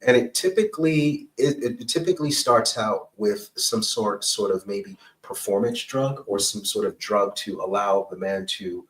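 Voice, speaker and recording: A man's voice: lowish voice, normal speed, few pauses, fairly bright tone, distant mic, poor audio. A middle-aged man, a counselor and pastor, telling a personal story to a podcast host in an earnest, emphatic way, often checking in with "right?" and "okay?". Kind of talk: candid personal storytelling in an interview.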